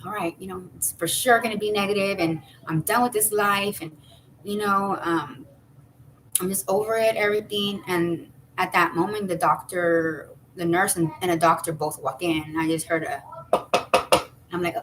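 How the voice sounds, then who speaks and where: A woman's voice: steady tone, normal speed, a little hiss or hum, poor audio. Woman in her thirties telling her own story. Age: 30s. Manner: rambling, frequent fillers and restarts; acts out quoted voices with high jumps. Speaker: vlogger. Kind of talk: casual personal storytelling.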